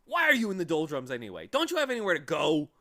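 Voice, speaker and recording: A man doing a loud, scolding clockwork watchdog. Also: medium pitch, very animated, slow, heavily acted. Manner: loud, scolding, barking delivery. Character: gruff, impatient watchdog with a clock body.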